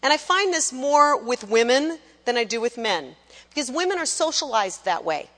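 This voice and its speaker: A woman coaching worship singers in a lively teaching talk, now and then singing a short line or mimicking someone. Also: sits high, moderate pace, big-room sound. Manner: animated, sings short demonstration lines, mimics people.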